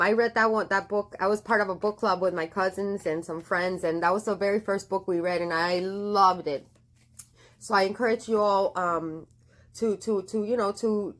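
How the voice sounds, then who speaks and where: A woman giving a casual tarot reading, chatty and affectionate, with many fillers and restarts. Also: mid-range voice. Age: adult with a daughter. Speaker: tarot reader.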